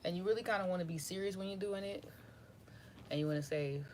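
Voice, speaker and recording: A woman's voice: low voice, steady tone, fast talker, darkish tone, slight background noise. A woman tarot reader, giving a loose, rambling, profane spiritual reading to camera.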